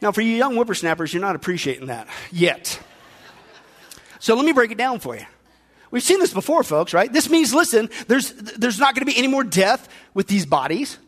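High-pitched energetic male preacher. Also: a little fast. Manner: energetic preaching with jokes, frequent "listen" and "folks". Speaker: pastor. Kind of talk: sermon. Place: church.

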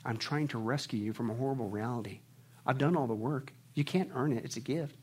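A male pastor preaching a sermon, swinging between hushed near-whispers and loud, fervent delivery. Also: medium pitch, a little fast, husky.

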